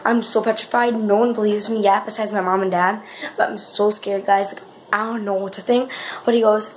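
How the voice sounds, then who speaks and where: A woman's voice: mid-range voice, steady tone, moderate pace, a little hiss or hum. Chatty woman vlogger, rambling. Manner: chatty, says "guys" constantly, rambling with restarts. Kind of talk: casual vlog chat.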